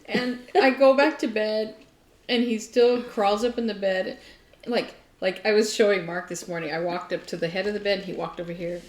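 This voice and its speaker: A woman co-hosting a casual craft podcast, telling stories in an animated way. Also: mid-range voice, normal speed. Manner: animated storytelling, mimics her cat. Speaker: podcast co-host. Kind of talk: casual chat. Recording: echoey room.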